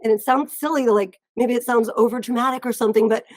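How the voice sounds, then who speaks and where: A woman guest speaks earnestly and openly in an interview, sharing personal struggles. Her voice sits a little high. The sound is dry and close, with no room echo. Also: fairly even intonation, quick pace. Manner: heartfelt, tearful at moments, earnest. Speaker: guest, online seller. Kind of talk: emotional interview talk.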